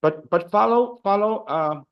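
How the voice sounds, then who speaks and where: A man's voice: high voice, measured pace, dull audio. A man teaching a Spanish class, explaining grammar and leading drills, with many fillers and restarts. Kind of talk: classroom language lesson.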